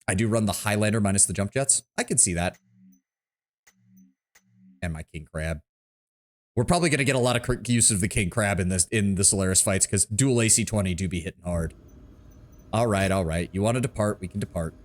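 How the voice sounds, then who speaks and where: A man's voice: fairly low pitch, lively intonation, fairly quick, long pauses. A man streaming a video game, chatting casually with some swearing and enthusing about mechs. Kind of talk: casual gaming livestream commentary.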